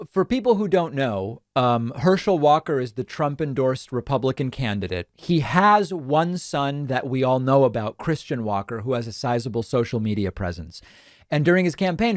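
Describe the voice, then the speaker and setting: Talk show guy riffing on callers' questions, thinking out loud, pretty emphatic, dead dry mic. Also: medium pitch, dry recording. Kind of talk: call-in political commentary.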